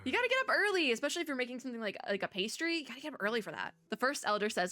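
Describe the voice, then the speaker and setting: Bright chatty young woman streamer. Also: high-pitched, big pitch swings, racing. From Texas. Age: young adult. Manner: chatty, rambling, reads dialogue without voices. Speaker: gaming content creator. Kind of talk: casual let's-play commentary and reading aloud. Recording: faint game music behind.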